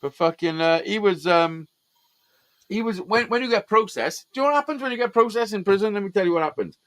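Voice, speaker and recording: A man's voice: high voice, a little fast. Sweary man telling stories. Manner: sweary, animated storyteller. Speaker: host. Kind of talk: casual chat.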